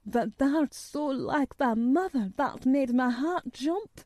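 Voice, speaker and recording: A woman reading aloud, voicing a warm, motherly country woman with a who speaks tenderly. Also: high voice, animated, takes it slowly, dry recording, studio quality, voice pushed up, exaggerated voice.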